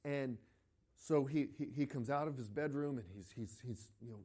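A middle-aged man, a pastor, preaching a sermon in a conversational, animated way, often restarting his phrases as he tells a story. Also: medium pitch, normal speed, slightly rough. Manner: conversational preaching with frequent repeated starts; animated storytelling, breaking into quoted voices.

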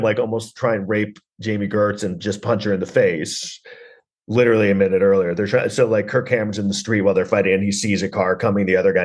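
A man's voice: sits low, slightly rough. A man hosting a podcast, recapping a film in a rambling, sarcastic way, full of fillers and swearing. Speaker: podcast host reviewing a film.

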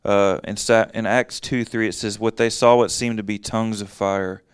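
A man's voice: fairly low pitch, fairly even intonation, moderate pace, clear, resonant tone, dry recording, studio quality. A man giving a casual Bible teaching, reading verses aloud and then explaining them in plain, conversational talk.

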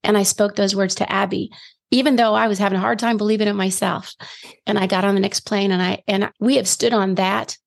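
A middle-aged woman shares her story as an interview guest. She speaks earnestly and leans into key phrases. Her mid-range voice has a gravelly, fry-tinged edge. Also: mid-range voice, steady tone, brisk. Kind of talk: personal testimony in a faith interview.

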